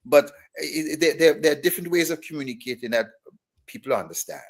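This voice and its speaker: A man's voice: on the high side, big pitch swings, fast talker, husky. A man speaking as a radio guest, often repeating and restarting his words as he thinks. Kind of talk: discussion on radio.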